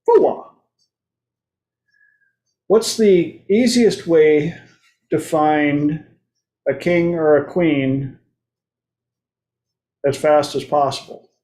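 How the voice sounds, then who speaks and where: A man's voice: fairly high pitch, slow pace, long pauses, mellow. A man hosting his own talk show, speaking in a loose, playful monologue and acting out quoted voices now and then. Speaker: host. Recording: roomy echo.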